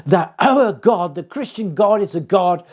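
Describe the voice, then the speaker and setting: An older man preaching a sermon in an earnest, unhurried way, often restarting his phrases. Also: high voice, lively intonation, darkish tone. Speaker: pastor.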